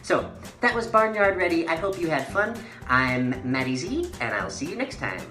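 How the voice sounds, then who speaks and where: A woman's voice: deep voice, big pitch swings, moderate pace, fairly bright tone. A woman teaching children a playful mime and movement lesson, giving sing-song, encouraging instructions. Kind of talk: guided movement lesson for kids. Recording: echoey room with faint music.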